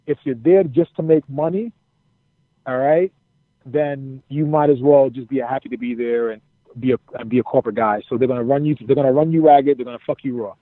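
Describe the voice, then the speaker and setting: Profane man telling animated stories. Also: medium pitch, brisk, dry recording. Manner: profane, animated, repeats phrases. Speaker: interview guest, former wrestler. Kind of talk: casual storytelling. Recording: dry, phone-like narrow sound.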